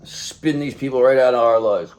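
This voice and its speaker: A man's voice: medium pitch, moderate pace, a little mellow. A man hosting a casual tarot reading, rambling and repeating himself as he talks effusively to his viewers. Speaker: tarot reader and channel host.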